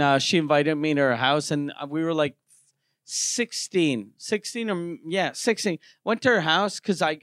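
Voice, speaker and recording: A man with a high, light voice tells a rambling story in a casual chat, swearing freely and doing the voices of the people in it. He comes from Quebec. The sound is close and dry, with no room in it. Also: smooth, no room sound. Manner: animated, swears freely, acts out quoted voices.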